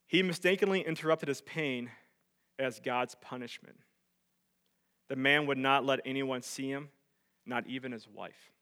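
A male pastor preaching, dropping to hushed tones and rising to loud emphatic peaks as he tells a story. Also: medium pitch, unhurried, long pauses. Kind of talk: sermon.

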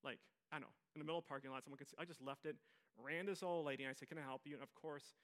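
A pastor from Minnesota preaching in a conversational, animated way with self-mocking humor. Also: male voice, medium pitch, racing. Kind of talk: sermon storytelling.

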